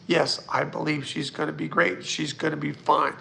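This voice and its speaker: A man with a bright, sharp tone hosts a casual live stream. He talks bluntly, swears now and then, and reads viewer questions aloud. His voice sits high and carries a gravelly rasp. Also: little pitch movement, normal speed, few pauses. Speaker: psychic hosting a live Q&A.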